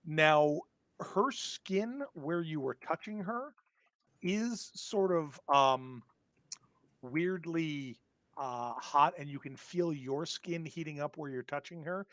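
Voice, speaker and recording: A man narrating as game master for a tabletop horror game, halting often with ums and restarts. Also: on the high side, a bit bright, dry recording.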